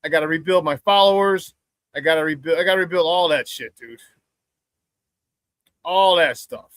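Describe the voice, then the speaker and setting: A man's voice: fairly high pitch, moderate pace, fairly bright tone, no room sound. A man hosting a live sports talk show, talking loose and casual, fired up and ranting with some swearing. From Chicago area.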